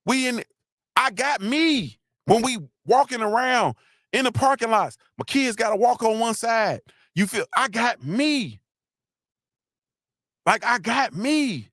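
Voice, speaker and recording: This is a slow, animated middle-aged man hosting a live motivational talk, recorded dry with clean studio sound. Preachy and repetitive, he shouts out viewers, and when the emotion takes hold his voice goes low.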